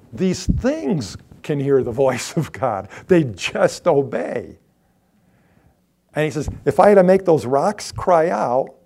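A man preaching a sermon with a lively, swinging delivery. He climbs to loud exclamations and then sinks into hushed, almost whispered asides. His voice sits at a middle pitch. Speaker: pastor.

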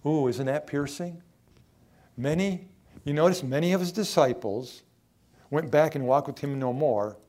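Delivering a sermon with a fairly high, slightly mellow voice, an older pastor speaks at a measured pace with long pauses. He preaches plainly and conversationally, asking listeners direct questions and growing louder to drive home his emphatic points.

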